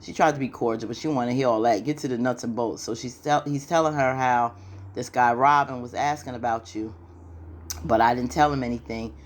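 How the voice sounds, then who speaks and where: A woman casually recapping a TV episode, telling it as an animated story full of slang and "you know.". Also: a bass voice, brisk. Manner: animated storytelling, slips into character voices. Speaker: TV recap vlogger.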